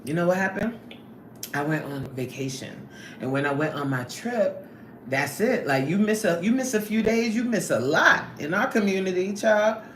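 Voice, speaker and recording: A woman hosting a casual livestream, chatting with viewers in a sassy, animated way and laughing often. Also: mid-range voice, moderate pace, echoey room, a little hiss or hum. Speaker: livestream host reading chat.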